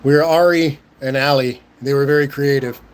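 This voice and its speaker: A man's voice: mid-range voice, fairly even intonation, moderate pace, clean tone. Laid-back Southern Californian man chatting live. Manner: laid-back, stammering, chuckles often. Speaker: livestream host. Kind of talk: casual livestream chat.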